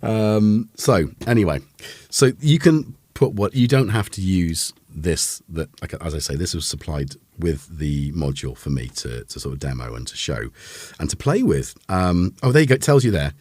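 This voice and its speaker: A man's voice: low voice, expressive, normal speed, darkish tone, no echo. A man hosting a casual live synth demo, rambling with lots of fillers and self-corrections. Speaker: host of a synth livestream.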